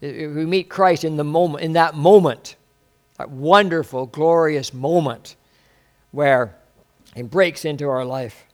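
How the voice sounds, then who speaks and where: A man's voice: on the high side, a little slow. A man preaching a sermon as a pastor, full of exclamations and rhetorical questions.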